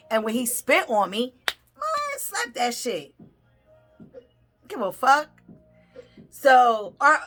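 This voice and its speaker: A woman telling a personal story in a blunt, heavily profane way, animated and acting out the people in it. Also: fairly high pitch, breathy edge. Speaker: tarot reader and vlogger.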